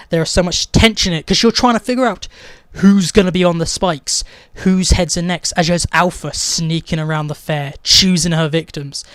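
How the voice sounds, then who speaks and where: A man's voice: sits high, fairly bright tone, smooth, dry recording, clean studio sound. A man hosting a casual video, ranking his favourite episodes with gushing enthusiasm and plenty of superlatives. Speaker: video host.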